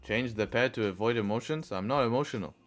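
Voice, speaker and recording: A man's voice: mid-range voice, fast, faint music behind. A man livestreaming his trading, thinking aloud, answering chat and groaning when trades go against him. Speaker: trading live-streamer. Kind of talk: casual live-stream commentary.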